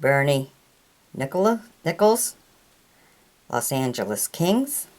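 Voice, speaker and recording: A hockey card collector with a low, darkish voice works through her trading cards one by one, naming each player and team very slowly and without hurry. Her pitch rises and falls widely, and she haltingly sounds out difficult names, sometimes stumbling over them.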